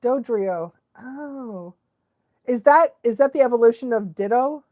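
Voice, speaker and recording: A woman's voice: a little high, unhurried, mellow, no room sound. A woman dog trainer hosting a casual watch-along live stream, chatty and laughing often, cooing baby talk at a dog now and then.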